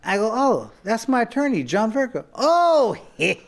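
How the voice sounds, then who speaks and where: A man's voice: high-pitched, sing-song, a little fast, creaky. A man, a former boxer, telling stories in a casual talk-show chat, with many restarts and acted-out quotes. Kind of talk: casual storytelling.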